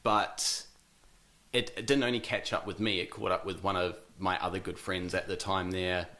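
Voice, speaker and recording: Laughing easily, a man in his 30s from New Zealand talks as a casual interview guest with a New Zealand accent. His low voice comes out relaxed and halting, with many ums, fillers, and restarts.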